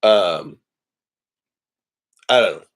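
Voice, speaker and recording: A man's voice: low voice, expressive, very slow. A man hosting a casual morning livestream from home, rambling and joking with plenty of ums and uhs. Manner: rambling and joking, with many fillers. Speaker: livestream host. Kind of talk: casual chat.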